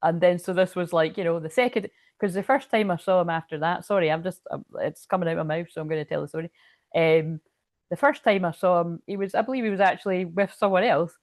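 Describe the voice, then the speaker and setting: A woman's voice: lowish voice, fast talker, a little mellow, dry recording. A woman doing casual live-stream chat as a spiritual reader, telling a rambling story full of swearing.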